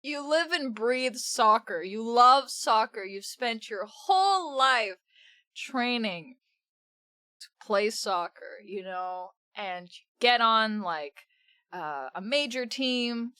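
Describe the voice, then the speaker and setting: Animated, expressive woman streamer. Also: fairly high pitch, takes it slowly, clean tone, dry recording, studio quality. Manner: animated, swears a lot, bursts into laughter. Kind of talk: casual live-stream commentary.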